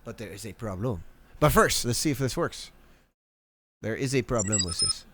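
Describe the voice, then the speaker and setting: A man streaming live, talking through his code in a low-key, self-mocking way. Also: expressive, moderate pace, sharp tone, a little hiss or hum. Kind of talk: live coding commentary.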